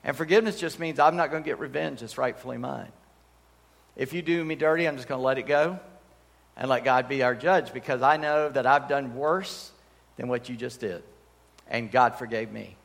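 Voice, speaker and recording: A man's voice: mid-range voice, normal speed, vocal fry. A man preaching a sermon in a church hall, telling stories with emphatic energy and humorous asides. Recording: long hall reverb.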